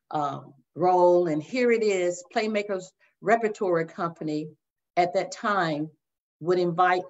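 An older woman minister sharing her testimony in a faith interview, telling it with lively storytelling and acting out the voices. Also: lowish voice. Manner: animated storytelling, acts out voices, addresses listeners as y'all. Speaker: guest minister. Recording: dull lo-fi sound.

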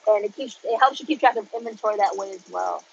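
A woman's voice: medium pitch, fast talker, vocal fry, lo-fi sound, slight background noise. A woman who runs an embroidery business, chatting casually as she answers viewer questions and switches between English and Spanish, laughing at herself. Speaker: embroidery business owner answering live chat. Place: home embroidery studio.

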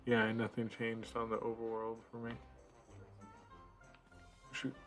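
A man's voice: mid-range voice, monotone, takes it slowly, pauses often, a bit bright. A man casually commentating a game stream, rambling and muttering to himself, with faint music behind him.

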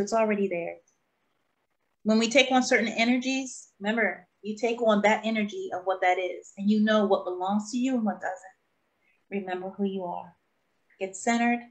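A woman hosting a casual spiritual group chat, exclamatory and preachy, repeating key phrases. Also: medium pitch. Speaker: host of a spiritual talk.

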